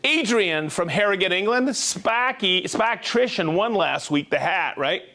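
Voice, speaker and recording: High-voiced upbeat man hosting a live stream. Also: expressive, sharp tone. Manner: upbeat, quick, jokey, greets viewers by name and town. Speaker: host of a live-streamed tool show. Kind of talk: casual live-stream shout-outs.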